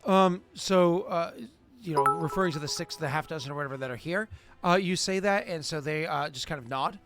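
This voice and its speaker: Chatty game master man, slightly high voice. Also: fairly quick, a bit bright, faint music behind. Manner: rambling, self-correcting, laughing often. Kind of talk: narrating a tabletop game.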